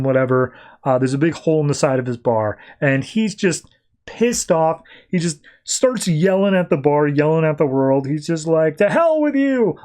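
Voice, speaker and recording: A man's voice: on the high side, a little mellow. A man hosting a podcast, recapping and reviewing comics in a loose, rambling way, often quoting characters offhandedly. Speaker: podcast host.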